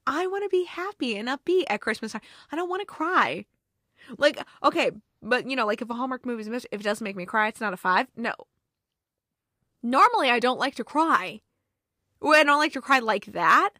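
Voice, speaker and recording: A woman's voice: fairly high pitch, animated, brisk, bright, forceful tone, no echo, studio quality. A woman reviewing holiday movies in a casual, gushing, emotional chat, with lots of fillers.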